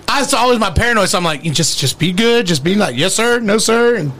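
A man's voice: high-pitched, fast. A young adult man co-hosting a podcast, swearing freely and acting out quotes as he tells stories in casual chat. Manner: animated storyteller, swears freely, acts out quotes. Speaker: podcast co-host.

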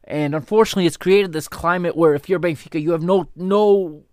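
A man hosting a solo podcast, explaining calmly and then breaking into heated, indignant rants full of swearing. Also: a little high, fairly quick, hardly any pauses, no room sound, clean studio sound. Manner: rises from calm explanation into loud, stressed outrage. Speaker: podcast host.

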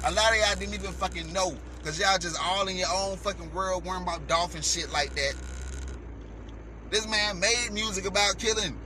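A man delivering a heated, profane rant as a vlogger, shouting at times. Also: sits high, normal speed, noisy background. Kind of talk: heated ranting commentary.

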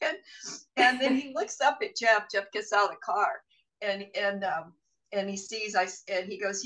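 A middle-aged woman, a podcast guest, telling a personal story in an animated way and acting out the voices of others. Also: mid-range voice, normal speed, far from the mic, low-quality recording.

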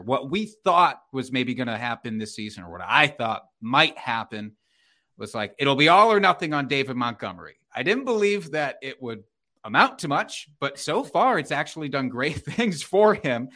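A man's voice: mid-range voice, normal speed. A man co-hosting a sports podcast, going over running back stats in an informal, chatty way. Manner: lively, bright, informal. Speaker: podcast co-host. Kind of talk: casual fantasy football chat.

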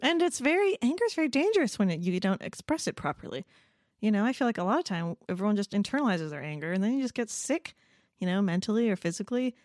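Woman co-host, animated and chatty, dry mic, expressive range. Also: mid-range voice, fast, no room sound. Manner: animated, acts out quoted voices, laughs often. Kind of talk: casual chat.

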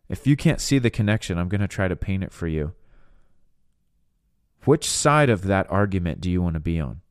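A man with a fairly low voice, preaching with earnest conviction on a podcast. He builds his points with stories and rhetorical questions. The close mic gives a dry, intimate sound. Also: a little mellow, no room sound. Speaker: podcast minister. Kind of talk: preaching monologue.

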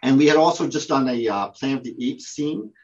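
Halting man telling a long story. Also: medium pitch, highs cut off. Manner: halting, with many fillers and restarts. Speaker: prop company owner, guest. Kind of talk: casual anecdote telling.

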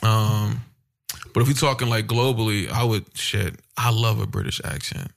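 A man's voice: on the low side, moderate pace, vocal fry. A man from Chicago co-hosting a casual podcast, rambling with many fillers and bursts of laughter. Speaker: podcast co-host.

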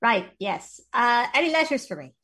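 A woman's voice: fairly high pitch, big pitch swings, moderate pace, bright, forceful tone. A woman playing in a tabletop game, chatting casually and playfully. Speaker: player.

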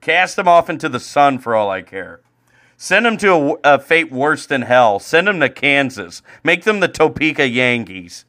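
A young man rants through a casual sports podcast, swearing freely and veering from loud outbursts to low, deflated mutters. His voice has a bright, sharp edge. He talks like a fed-up friend on a home mic. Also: big pitch swings, normal speed, hardly any pauses. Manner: angry, profane, swings from loud ranting to low mutters. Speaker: podcast co-host. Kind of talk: profane ranting sports podcast chat. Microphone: home streaming mic.

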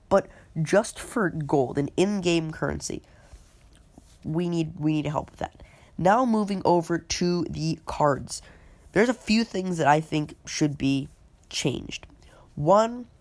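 A woman hosting a podcast, giving a casual, rambling opinion rant full of fillers and restarts, often rattling off lists. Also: low voice. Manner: lists items off in quick runs. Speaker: podcast host.

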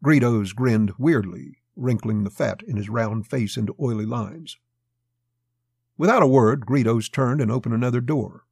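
A man with a gravelly voice reading a pulp crime story aloud as a scripted narration. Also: mid-range voice, moderate pace, a little mellow, no echo, studio quality.

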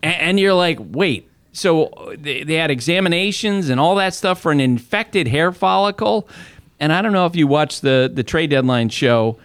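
A man with a smooth, clear voice chatting casually about baseball as an analyst. He tells stories in an easy conversational way, and the sound is dry and close with no room echo. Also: fairly high pitch, normal speed, a bit bright. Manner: conversational, storytelling with restarts and laughs. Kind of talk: casual podcast chat.

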